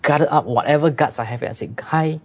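A man's voice: a little high, quick pace, muffled recording. A man preaching a sermon in a chatty, conversational way, often dropping "you know".

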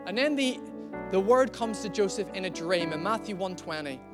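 A man preaching a sermon in a conversational, storytelling way, slowing down to stress key lines. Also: high-pitched, lively intonation, over music.

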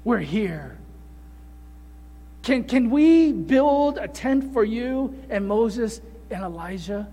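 An eager young disciple gushes and stammers over his words in a high voice, as a preacher acts him out. The voice carries a long reverb, as if heard in a big hall. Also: slow pace, full character voice. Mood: awestruck. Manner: excited and stammering.

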